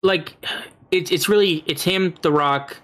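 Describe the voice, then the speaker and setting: A man's voice: a little slow, fairly bright tone. A man co-hosting a casual podcast, talking in hesitant bursts with lots of likes and ums. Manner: hesitant, many fillers and restarts, mid-pitched. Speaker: podcast co-host.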